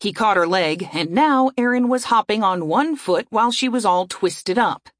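Woman, audiobook narrator, steady storytelling, mid pitch, dry close mic. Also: moderate pace, no room sound.

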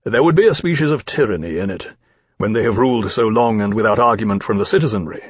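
A grave, formal captain, as an audiobook narrator plays him, measured and dry in his speech. The husky voice sits on a dry, slightly dull recording. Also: fairly low pitch, dry recording. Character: grave male naval-minded aviator captain, dry and measured.

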